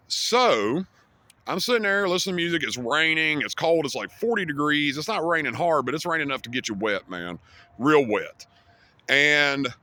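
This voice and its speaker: Vlogger man, rambling and foul-mouthed, forceful bright delivery. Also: a little high, no echo. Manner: heavy swearing, rambling with many fillers. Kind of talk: casual storytelling to camera.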